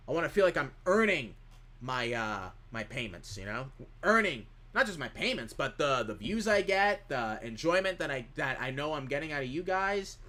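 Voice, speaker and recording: A man's voice: medium pitch, bright, forceful tone. A man streaming live, chatting casually in a rambling way as he reads chat questions aloud and answers them.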